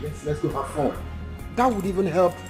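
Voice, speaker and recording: A man's voice: fairly high pitch, animated, over music, lightly acted, poor audio. A man playing a coaxing friend. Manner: coaxing, repeats himself, drawn-out "eh?". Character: supportive male friend, coaxing, upbeat. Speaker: consoling friend. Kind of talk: film drama acting.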